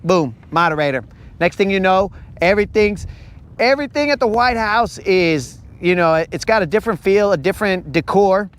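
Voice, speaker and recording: Casual podcast host with a high voice, playful storyteller who slips into silly character voices mid-riff; recorded out on a fishing boat. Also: male voice, animated, normal speed, fairly bright tone, clean tone. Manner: playful, acts out imagined dialogue in put-on voices. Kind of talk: casual joking monologue.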